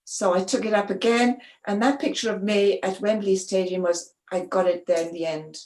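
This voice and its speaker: A woman recounts her career as a sports photographer in a lively, story-driven way, often stumbling and restarting mid-sentence. Her voice sits at an ordinary middle pitch. The recording has a noticeable roomy echo. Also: moderate pace. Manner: animated anecdotal telling with repeated restarts. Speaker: interview guest, sports photographer. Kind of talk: storytelling in a conversational interview.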